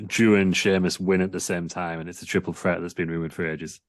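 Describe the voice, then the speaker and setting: A man co-hosting a casual wrestling chat, lively and given to acting out quotes. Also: sits low, a little fast, no echo. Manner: animated, acts out wrestlers' lines in mocking put-on voices. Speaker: podcast co-host.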